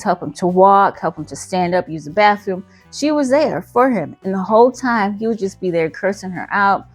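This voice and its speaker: A woman's voice: medium pitch, dry recording. A woman hosting her channel, telling a story casually, full of fillers and self-corrections.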